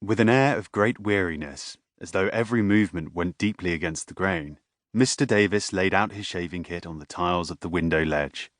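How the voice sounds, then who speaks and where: A man reading a novel aloud as an audiobook narrator, in a measured, even way. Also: deep voice, no room sound, studio quality.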